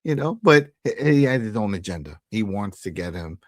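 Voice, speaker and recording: Animated low-voiced man in recap chat. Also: no room sound, clean studio sound. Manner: animated, quick to react and agree. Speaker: podcast co-host.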